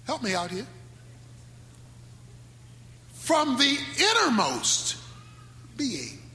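A male pastor with speech preaches in a very high, bright voice, now shouting, now slowing to stretch his words. His voice rings through a large, echoing hall with faint music underneath. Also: slight background noise. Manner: dramatic preaching, sudden shouts and slow drawn-out phrases. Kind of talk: sermon.

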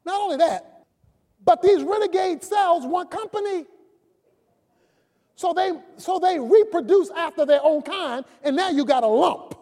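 A man's voice: very high-pitched, measured pace, mellow. A man preaching a sermon as pastor, emphatic and calling out key words to his congregation. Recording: long reverb of a large hall.

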